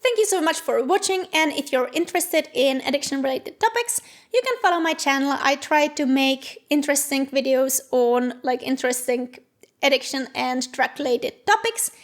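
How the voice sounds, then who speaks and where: A woman's voice: sits high, normal speed. A young woman in her twenties hosting a casual vlog, chatty and self-deprecating, livening up as she tells stories. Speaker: channel host and student.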